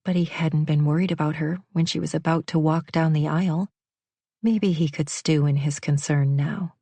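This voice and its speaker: A woman narrating a novel in a measured, even way on a close studio mic. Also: sits low, slightly rough, no room sound. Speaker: audiobook narrator. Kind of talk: scripted narration.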